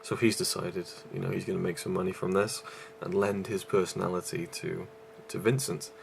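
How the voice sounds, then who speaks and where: Breathless man with a low, gravelly voice. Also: little pitch movement, normal speed, slight background noise. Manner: rambling, with many fillers and restarts. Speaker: YouTube movie reviewer. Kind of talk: casual vlog review.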